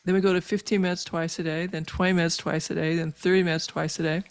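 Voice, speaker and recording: An older woman, a physician, telling her personal story as a podcast guest, earnest and halting with many fillers and moved as she relives it. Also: on the low side, level tone. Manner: emotional when reliving moments.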